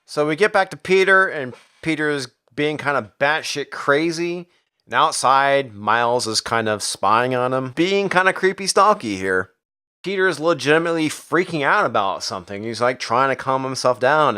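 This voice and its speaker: Man, comic book reviewer, crude casual recap, smooth clear voice, animated pitch. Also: moderate pace. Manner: profane, sarcastic, jumps into character voices.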